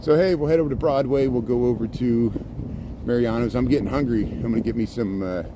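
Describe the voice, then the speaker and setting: A man's voice: mid-range voice, brisk, noisy background. A middle-aged man live-streaming as he walks outdoors along a city street, talking into his phone in a rambling, chatty way and greeting viewers by name. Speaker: live-streaming walking vlogger. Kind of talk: casual live-stream narration. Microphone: phone held while walking.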